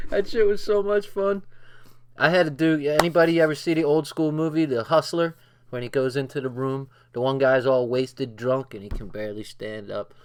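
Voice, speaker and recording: A man's voice: medium pitch, brisk, smooth. An older man hosting a late-night livestream, laughing hard and swearing a lot as he reacts to a show. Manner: laughing, profane, excitable. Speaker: livestream host.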